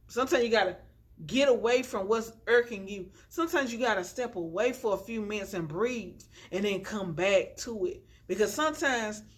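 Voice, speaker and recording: A young adult woman with a mid-range, slightly bright voice vlogs from the floor at home into a phone on a tripod with a ring light. She's chatty and preachy, constantly saying "y'all" as she gives her viewers casual, inspirational encouragement.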